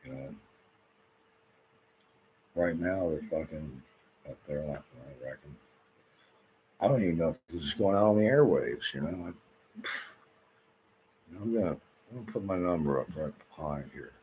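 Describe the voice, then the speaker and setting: A man's voice: extremely low pitch, expressive, moderate pace, long pauses, a little mellow, slight background noise, low-quality recording. A man talking straight to his audience in a restless, rambling monologue, repeating himself and swearing often. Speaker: vlogger. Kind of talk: rambling agitated monologue to camera.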